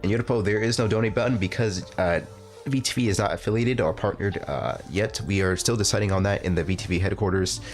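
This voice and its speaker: A man announcing a live online game tournament, talking in a rambling, halting way with lots of fillers and restarts. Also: deep voice, faint music behind. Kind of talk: live esports commentary.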